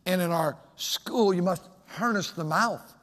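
A man preaching a sermon as pastor, swinging from loud, shouted emphasis to soft, hushed speech. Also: high voice, measured pace. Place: large church sanctuary. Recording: long hall reverb.

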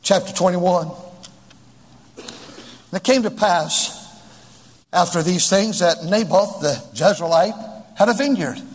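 A man's voice: sits high, husky, big-room sound. A male preacher delivering a sermon, emphatic and repetitive, reading scripture and scolding his listeners.

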